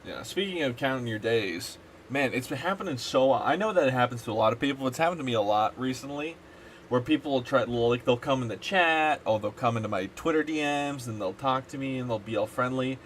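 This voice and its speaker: A man's voice: medium pitch, animated, brisk, a bit bright, slight background noise. A man streaming a game, chatting casually and ranting animatedly with plenty of swearing. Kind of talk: casual gaming stream chat.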